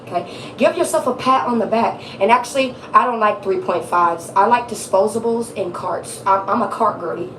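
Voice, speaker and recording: A woman's voice: medium pitch, moderate pace, fairly bright tone, distant mic, slight background noise. A woman giving a casual live tarot reading, chatty and laughing often, swearing freely. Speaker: tarot reader. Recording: echoey room, off-mic.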